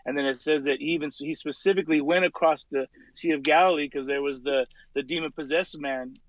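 Easygoing guy chatting on a podcast, slightly high voice, keeps saying dude. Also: steady tone, brisk, dry recording, rough recording. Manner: laid-back, peppers talk with "dude" and "man". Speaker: podcast guest, musician. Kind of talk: casual conversation.

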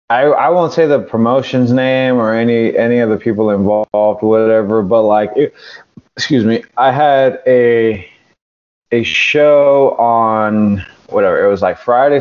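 A man's voice: medium pitch, darkish tone, highs cut off. Profane, rambling man telling a story. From California. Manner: profane, rambling, acts out quotes. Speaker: podcast guest, pro wrestler. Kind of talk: casual storytelling.

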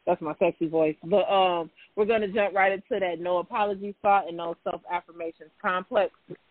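A woman's voice: mid-range voice, fairly even intonation, fairly quick, no echo. A woman co-hosting a casual talk show, speaking frankly and emphatically, repeating herself for stress. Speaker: podcast co-host. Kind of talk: candid casual chat. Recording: tinny phone-like dry sound.

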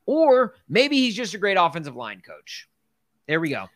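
Excitable man, fairly high voice. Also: normal speed, no echo, studio quality. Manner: excitable, laughing, lots of "like". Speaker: podcast co-host. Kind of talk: casual sports chat.

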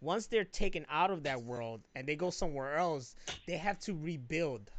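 A man chatting casually on a podcast, telling stories animatedly and swearing freely. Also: normal speed. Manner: animated storyteller, swears freely, mimics others in high voices. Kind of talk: casual chat.

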